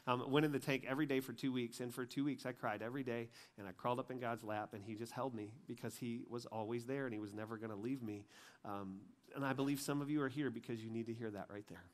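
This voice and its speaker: Earnest man giving a sermon testimony, mid-pitched, emotional, halting. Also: fairly even intonation. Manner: emotional, earnest storytelling with many fillers and restarts. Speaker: speaker sharing testimony.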